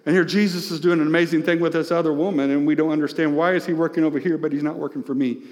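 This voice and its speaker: Pastor guy preaching hard to his church, swings loud and soft, big hall echo. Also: fairly high pitch, steady tone, racing. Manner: impassioned, rising and falling, calls out to the congregation. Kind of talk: sermon. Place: church sanctuary.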